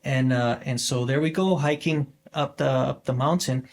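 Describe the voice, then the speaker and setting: A man in his forties, a podcast guest, tells his story in a halting, meandering way full of ums and restarts. His voice sits at an ordinary middle pitch for a man. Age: 40s. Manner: rambling, halting, many fillers and restarts. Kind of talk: casual storytelling interview.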